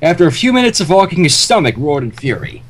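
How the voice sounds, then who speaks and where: A man's voice: fairly high pitch, fast talker. A man reading a comedy fanfic aloud on a livestream, joking about the text as he goes. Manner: lively reading, laughs at the text. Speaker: fanfic reader.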